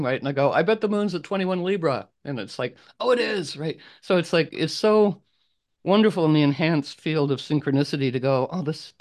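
A man's voice: mid-range voice, darkish tone. A man hosting an online group call, talking casually in a rambling, playful way and acting out little voices in his stories. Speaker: group host.

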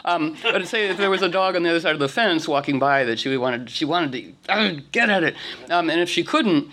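Man, group talk leader, slightly high voice, rambly, laughs a lot. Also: animated, brisk, pushed and bright, a little hiss or hum. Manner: rambling, full of "you know" and restarts, laughing. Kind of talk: casual talk to an online group.

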